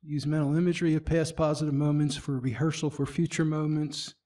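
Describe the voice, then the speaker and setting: At a marketing meetup, a fairly high-voiced presenter addresses a small group of business people a little quickly. He demonstrates facial expressions as he talks, trips over words and restarts frequently, giving the presentation a loose, off-the-cuff feel.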